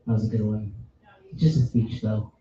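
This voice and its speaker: A man's voice: fairly low pitch, completely flat delivery, a little fast, dark tone, slight background noise. Enthusiastic man, echoey distant pub recording. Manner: enthusiastic, rambling, laughs easily. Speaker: podcast host. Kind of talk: casual chat about movies. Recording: echoey room, distant mic, dull sound.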